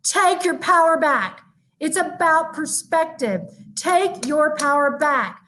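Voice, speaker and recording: A woman giving a lively, emphatic motivational keynote, talking straight to her audience. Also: sits high, takes it slowly, a little hiss or hum. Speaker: motivational speaker. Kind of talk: virtual keynote talk.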